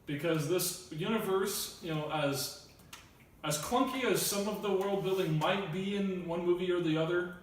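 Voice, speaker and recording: A young man musing about movies in a relaxed, casual roundtable chat. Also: sits high, normal speed. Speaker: film reviewer. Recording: echoey room, distant mic, faint hiss.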